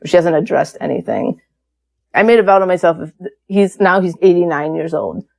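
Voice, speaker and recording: A woman's voice: lowish voice, brisk, creaky, darkish tone. A woman around fifty, a podcast guest, telling a personal story in a frank, casual way, with swearing and acted-out quotes.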